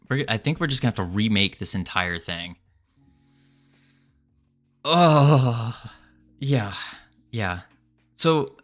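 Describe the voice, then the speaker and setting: A man's voice: fairly low pitch, a bit bright. A man chatting casually on a game development livestream, playful and joking with his chat, laughing often.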